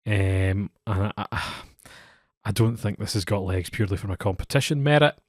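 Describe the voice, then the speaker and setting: A man co-hosting a football podcast, musing aloud in a relaxed way with dry humour. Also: fairly low pitch, normal speed, dry recording. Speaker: podcast co-host. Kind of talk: casual chat.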